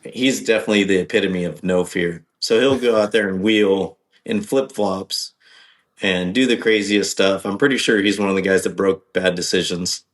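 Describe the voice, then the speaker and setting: A man's voice: deep voice, fairly even intonation, normal speed. A man guesting on a podcast, talking casually in a rambling, hesitant way with many ums and restarts. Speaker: podcast guest, off-road driver.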